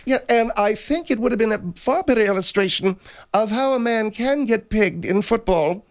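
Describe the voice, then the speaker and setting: A man co-hosting a comedic radio show, teasing and quick. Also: high-pitched, animated, clean tone. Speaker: radio co-host.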